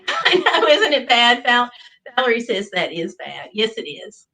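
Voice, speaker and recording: A woman's voice: fairly high pitch, sing-song, measured pace, creaky, pushed and bright, rough recording. A middle-aged woman hosting a casual livestream chat, reading viewer comments aloud and telling corny jokes in a playful, chatty way. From United States. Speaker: livestream host.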